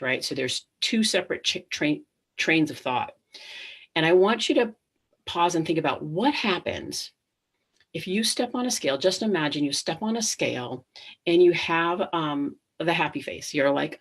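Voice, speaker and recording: A woman's voice: low voice, expressive, takes it slowly, slightly rough. A middle-aged woman hosting a live webinar, talking casually with many ums and restarts and acting out inner thoughts. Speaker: webinar host.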